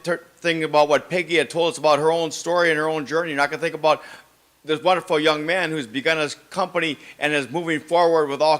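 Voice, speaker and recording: Bright-voiced older man telling a story. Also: a little high. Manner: animated storyteller acting out the people in his story. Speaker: event speaker. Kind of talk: storytelling speech.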